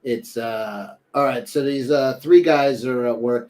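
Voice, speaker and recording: A man's voice: medium pitch, steady tone, a little slow, a little mellow, soft background music. A young adult man co-hosting a casual talk show, rambling with lots of fillers. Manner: rambling, fillers, tells jokes with put-on voices. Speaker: co-host. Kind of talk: casual chat.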